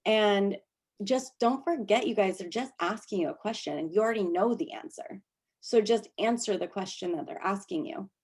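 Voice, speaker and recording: A woman's voice: mid-range voice, moderate pace, darkish tone, slightly rough. A woman presenting a casual workshop over a video call, laughing often and restarting her sentences as she coaches. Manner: chatty, laughing, many restarts.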